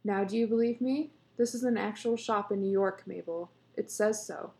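A woman's voice: mid-range voice, normal speed, a little mellow, close to an everyday voice. A woman reading as a proud, teasing beekeeper husband. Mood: boastful. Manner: coaxing, patient, boastful.

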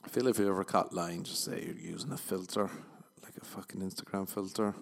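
A man's voice: sits low, level tone, fairly quick, gravelly. A man hosting a podcast, rambling through a comedic monologue full of swearing and self-mocking jokes. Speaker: podcast host.

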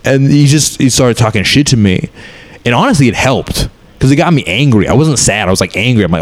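A man telling a story in casual podcast chat, animated and profane, often laughing and acting out what others said. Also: medium pitch, a little fast.

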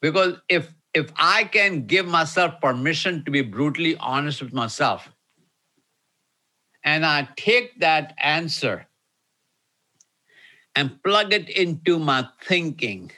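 A man preaching to an online audience, repeating key lines slowly and emphatically. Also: on the high side, expressive, bright, forceful tone. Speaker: pastor. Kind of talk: sermon with live Q&A.

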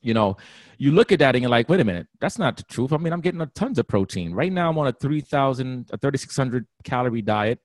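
Lively, animated man with a dry sound. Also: mid-range voice, quick pace, dry recording. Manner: animated, laughs often, slips into playful voices. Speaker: guest personal trainer. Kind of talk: radio interview talk.

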